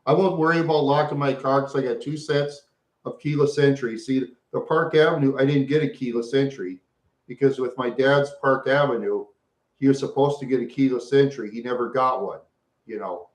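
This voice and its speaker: A man's voice: medium pitch, normal speed. Rambling, repetitive man in a roomy echo. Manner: repetitive, rambling, talks to chat viewers. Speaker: livestream host. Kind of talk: rambling live-stream chat.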